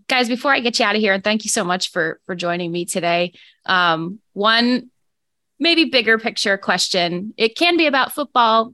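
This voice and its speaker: A woman's voice: mid-range voice, pushed and bright, no echo. A woman hosting a casual sports talk show, chatty and playful, often laughing.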